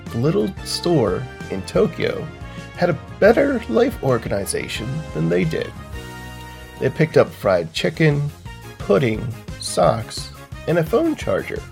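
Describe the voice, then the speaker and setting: A man reading his short story aloud in a lively, playful narrating manner. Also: on the high side, unhurried, creaky, faint music behind. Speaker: story contributor.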